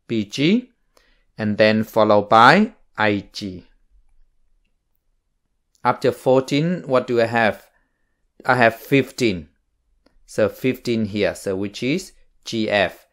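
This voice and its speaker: A man teaching a maths lesson, explaining each step slowly and plainly. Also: medium pitch. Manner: slow, plain stepwise explaining.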